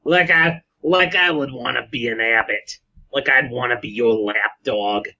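A man voicing a cocky, sarcastic low-level male crook who talks in mouthy street slang, on a dull lo-fi recording. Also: unhurried, pushed and bright, exaggerated voice.

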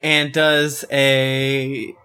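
A man's voice: medium pitch, level tone, very slow, pushed and bright, clean tone. A man running a tabletop game as game master, playful and rambling, with many restarts and fillers. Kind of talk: narrating a tabletop game session.

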